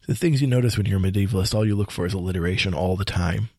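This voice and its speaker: A man with a gravelly, creaky voice, recorded dry and close, hosts a casual talk about poetry. He thinks out loud, searching for words and trying out ideas. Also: lowish voice, big pitch swings, fast, few pauses, no echo. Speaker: poetry discussion host. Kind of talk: casual discussion.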